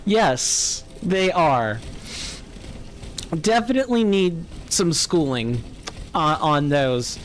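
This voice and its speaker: A man's voice: fairly high pitch, lively intonation, slow, pauses often, a little hiss or hum. Chatty General American man streaming a game. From United States. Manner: chatty, musing, answers chat aloud. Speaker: let's play streamer. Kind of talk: casual live gameplay chat.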